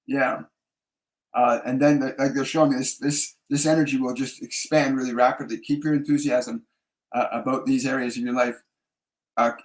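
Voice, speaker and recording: A man's voice: mid-range voice, low-quality recording. A man working as a spiritual medium, answering viewer questions in a live Q&A. He searches for his words, with many restarts and fillers. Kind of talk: live Q&A readings.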